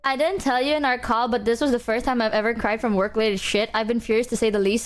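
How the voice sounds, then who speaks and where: A woman with a fairly high voice talks casually to her stream viewers. She rants in an emphatic, animated way, swearing freely as she goes. Soft music plays faintly behind her. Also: fast talker, hardly any pauses.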